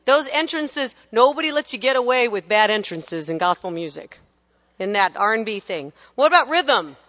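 A woman's voice: a little high, animated, moderate pace, fairly bright tone, in a large hall. A woman teaching a gospel singing class, coaching students energetically, counting them in and singing phrases to show them. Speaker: vocal teacher.

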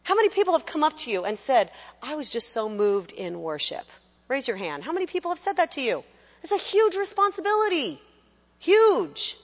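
Animated high-voiced woman coaching worship singers. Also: fairly quick, big-room sound. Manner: animated, sings short demonstration lines, mimics people. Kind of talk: lively teaching talk to a class.

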